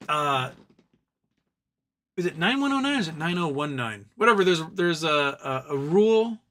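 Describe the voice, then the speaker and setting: A man's voice: a little high, sing-song, moderate pace, a bit bright. A man hosting a casual live stream, ranting animatedly and mocking other people's voices as he quotes them.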